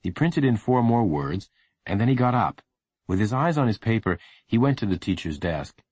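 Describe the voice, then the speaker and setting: A man's voice: lowish voice, normal speed, breathy edge, no room sound. A man narrating a children's novel, reading expressively and shifting his voice for each character. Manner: expressive storytelling. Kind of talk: audiobook narration.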